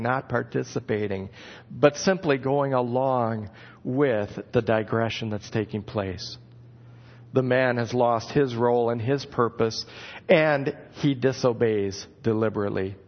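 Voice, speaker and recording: Expressive male preacher, muffled recording. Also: medium pitch. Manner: expressive storytelling, acts out calls of "where are you". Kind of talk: sermon. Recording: dull lo-fi sound.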